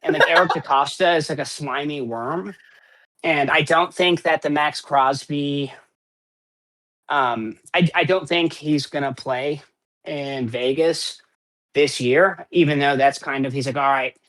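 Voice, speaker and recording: A man's voice: on the high side, measured pace, a bit bright. A man co-hosting a casual sports podcast, rambling and opinionated with plenty of swearing. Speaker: podcast co-host.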